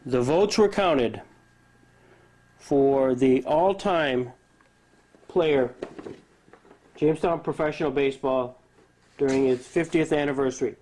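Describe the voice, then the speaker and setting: A man's voice: mid-range voice, slow, long pauses, darkish tone. Man narrating a documentary. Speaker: narrator and interviewer.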